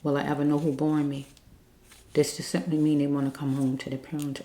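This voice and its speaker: A woman with a deep, mellow voice leads a spiritual card reading in an echoey room. She talks earnestly and pleadingly, circling back to the same points and asking again and again if the listener follows her. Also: flat delivery, a little fast. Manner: repetitive, keeps checking in with listeners. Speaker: card reader.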